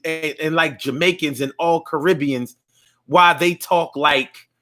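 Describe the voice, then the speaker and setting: A man's voice: a little high, fairly bright tone. A man talking in a casual monologue, rambling along with frequent restarts and fillers.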